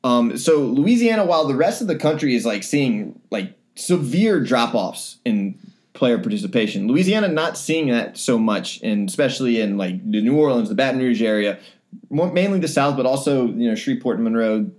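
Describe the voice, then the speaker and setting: A man's voice: mid-range voice, lively intonation, normal speed, darkish tone. A young man co-hosting a casual sports podcast, rambling with many fillers and restarts. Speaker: sports reporter and podcast co-host.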